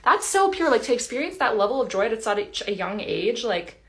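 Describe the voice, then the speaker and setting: A woman's voice: on the high side, big pitch swings, moderate pace, fairly bright tone. A young adult woman delivering a casual comedic monologue to camera, chatty and playful, with lots of "like" and "you know". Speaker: TikTok creator.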